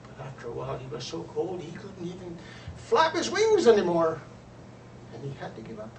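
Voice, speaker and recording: A man telling a traditional folk tale aloud in an expressive storyteller's manner. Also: on the high side, normal speed, noisy background. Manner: expressive, lively voices for characters. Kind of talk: oral storytelling. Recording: roomy, distant, faint ambience.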